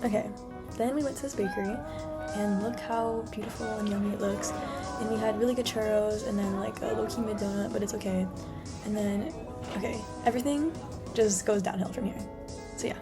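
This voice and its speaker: A woman's voice: medium pitch, steady tone, a little fast, music in the background. A young woman telling a travel story as a voice-over, chatty and full of fillers. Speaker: travel vlogger.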